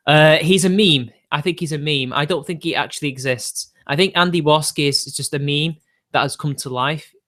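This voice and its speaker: Man, livestreamer, casual rambling chat, quick to get annoyed. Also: fairly high pitch, a bit bright. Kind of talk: casual live-stream chat.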